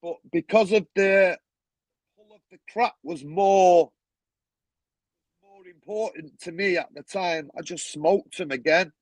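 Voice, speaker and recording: Guy telling a story, bit higher voice, blunt, swears a lot, dry close mic. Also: slow, no room sound, rough recording. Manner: blunt, swears freely, keeps saying "you know what I mean". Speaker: guest. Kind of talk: casual storytelling.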